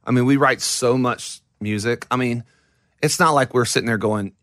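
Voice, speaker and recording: A man's voice: mid-range voice, moderate pace, fairly bright tone, no echo, clean studio sound. A man answering interview questions in a loose, rambling way, full of restarts and fillers. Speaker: band member interviewee. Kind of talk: casual interview talk.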